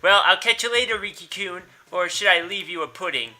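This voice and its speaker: Guy voicing a teasing teen schoolgirl, bubbly and loud, pretty bright tone. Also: high voice, fairly quick. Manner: perky, teasing. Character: playful, teasing teenage schoolgirl.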